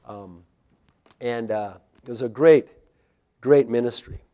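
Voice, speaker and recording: Animated storytelling preacher, man. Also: medium pitch, takes it slowly. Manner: animated storytelling, swings from loud to quiet. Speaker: pastor. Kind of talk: sermon.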